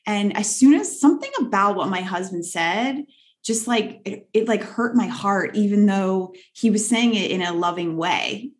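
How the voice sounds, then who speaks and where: A woman guest in a conversational interview, telling her story in an earnest, animated way. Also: medium pitch, normal speed. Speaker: guest, leadership author.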